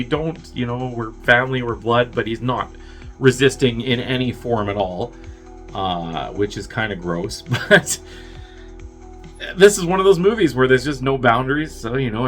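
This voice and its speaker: A man casually recapping a film's plot in a rambling way, acting out the characters' lines in bursts. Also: fairly bright tone. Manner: rambling, acts out characters' lines with jumps in pitch. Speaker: podcast host reviewing a film.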